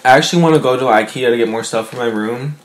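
A man's voice: medium pitch, fast talker, slight background noise. A young man vlogging from his bedroom, chatting to his viewers in an emotional, rambling way with lots of fillers. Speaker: mukbang vlogger. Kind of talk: casual chat to camera.

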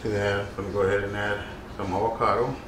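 A man hosting a casual cooking vlog, relaxed and chatty, talking while he plates and eats his food. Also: lowish voice, quick pace, reverberant, noisy background. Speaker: cooking channel host.

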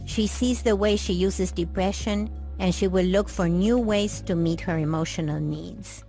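A woman giving calm, explanatory scripted narration for a documentary. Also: medium pitch, unhurried, faint music behind.

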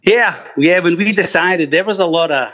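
A man's voice: sits high, moderate pace, a bit bright, no echo. A middle-aged man, a rock singer, telling stories in casual talk, swearing freely and acting out the voices of people he quotes. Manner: profane, laughing, acts out quoted voices. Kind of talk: casual storytelling. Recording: muffled, lo-fi, dry.

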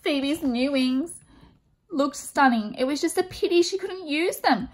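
Expressive woman reading to children. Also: high-pitched, measured pace. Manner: expressive, asks children questions. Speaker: student teacher. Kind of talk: reading a picture book aloud to children.

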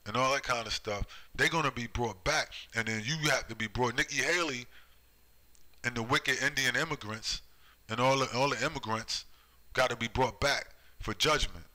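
Male preacher, fiery and repetitive, very bright edgy tone. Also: medium pitch, moderate pace, poor audio. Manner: heated, repetitive, rhetorical "right?" tags. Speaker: online preacher. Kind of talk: street-style scripture commentary.

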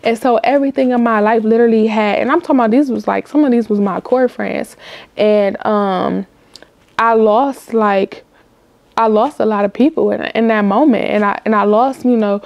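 Gravelly, frank young woman host. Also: fairly high pitch, fairly even intonation, normal speed, a little mellow, no room sound, muffled recording. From Cleveland, US. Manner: frank, repetitive, talks to viewers as y'all. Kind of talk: casual candid monologue.

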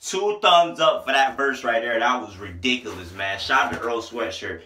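A man reviewing an album in a casual, rambling way, excitable and full of slang, with a headache. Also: medium pitch, moderate pace. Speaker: music reviewer. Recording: echoey room.

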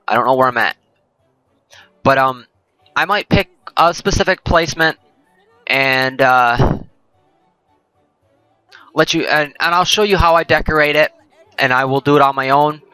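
A man's voice: medium pitch, measured pace, long pauses, bright, forceful tone, dry recording, faint music behind, poor audio. A man hosting a let's play, giving rambling, jokey gameplay commentary and often correcting himself.

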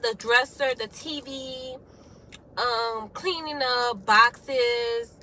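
A woman's voice: fairly high pitch, very slow, sharp tone. A young woman of about nineteen, chatting casually and upbeat to camera in a vlog, loose with fillers. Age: young adult, about 19. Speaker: vlogger. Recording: noisy phone recording.

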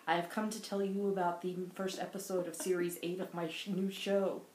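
A deadpan, tongue-in-cheek celebrity impression, as a woman puts it on. It is playful and only lightly altered from her own voice. It is a bit quiet, and it is heard in a roomy, echoey space. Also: lowish voice, brisk, slight background noise, natural voice. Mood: mock-serious. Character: woman's mock impression of a famous male TV actor. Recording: roomy echo.

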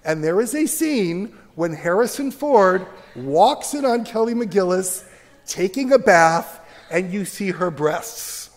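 A man in his sixties gives a lively lecture in a large university auditorium. His voice sits high, and he talks as an emphatic, joking storyteller. Long reverb from the hall trails each phrase. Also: takes it slowly. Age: 60s. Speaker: teacher giving a lecture. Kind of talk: humorous, animated public lecture.

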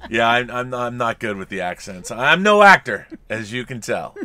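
Bright-voiced man co-hosting a chat show. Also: medium pitch, normal speed, no room sound. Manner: jokey, reads super chats aloud. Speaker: podcast co-host. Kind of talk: casual chat reading viewer comments. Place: home studio with collectibles.

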